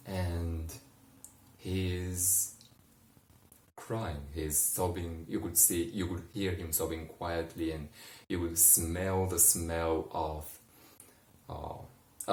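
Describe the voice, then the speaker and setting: A man narrating a bedtime sleep story in a soft, meandering way, often correcting himself as he goes, recorded in a roomy space from a distance. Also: deep voice, slight background noise.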